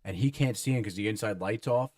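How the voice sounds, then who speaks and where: A man's voice: on the low side, quick pace, darkish tone, no echo, far from the mic. A man co-hosting a podcast, teasing and profane, bringing up old stories in casual chat. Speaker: podcast co-host. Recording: dry, a bit off mic.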